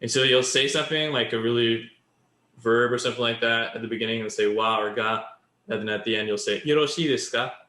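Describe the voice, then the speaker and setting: A man co-hosts a podcast in relaxed casual chat, explaining Japanese by stacking one example after another. His voice sits at a middling pitch. The room around him gives it a roomy echo. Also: quick pace. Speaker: podcast co-host.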